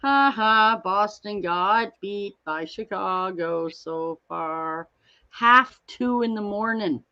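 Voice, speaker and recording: Woman, livestream host, slow casual talk, muffled low-fi audio. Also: sharp tone. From Canada. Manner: chatty, rambling, reads out and greets viewers by name. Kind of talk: casual chat with viewers.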